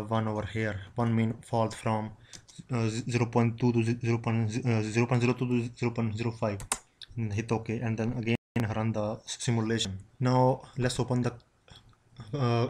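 A man giving a screen-recorded software tutorial, halting, with many pauses and fillers. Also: mid-range voice, flat delivery. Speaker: instructor.

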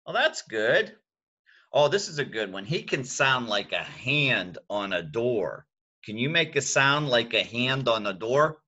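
Older man, grandfatherly bedtime reader, slow and bright, playful sound effects, coaxes kids along. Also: mid-range voice, lively intonation, lo-fi sound. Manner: playful, coaxing children to copy animal and sound effects. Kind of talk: read-aloud bedtime story.

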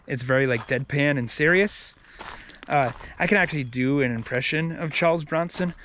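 A man's voice: medium pitch, moderate pace, a bit bright, a little hiss or hum. A man giving a casual, rambling movie review, with many fillers and restarts.

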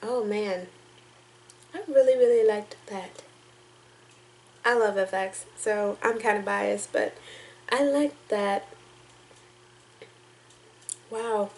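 A young woman reacting casually to a music video at home, chatty, excitable and openly emotional, rambling as she thinks aloud. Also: mid-range voice, slow pace, pauses often. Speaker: YouTube reaction vlogger.

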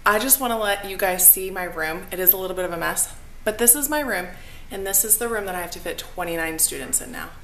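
A woman's voice: mid-range voice, fast, fairly bright tone, slight background noise. A young adult woman who is a teacher, talking casually to camera in a vlog, chatty and upbeat, sometimes worn out. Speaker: elementary school teacher.

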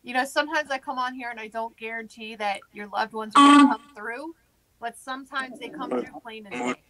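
A woman's voice: on the high side, brisk, bright, forceful tone, rough recording. A woman hosting a live spirit-box session, talking in a soothing, sympathetic, reassuring way. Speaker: paranormal investigator host.

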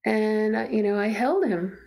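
A middle-aged mother speaks in a documentary interview, earnest and reflective, often pausing to find her words. Her voice has a gravelly, creaky edge at a middling pitch. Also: a little mellow. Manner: earnest, halting, reflective storytelling. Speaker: mother telling her story. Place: in her own home.

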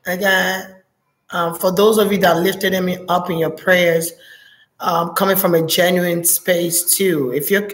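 A woman's voice: lowish voice, echoey room. A woman giving a spiritual reading as a monologue, talking intensely and repeating prayer words like a chant. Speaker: spiritual reader.

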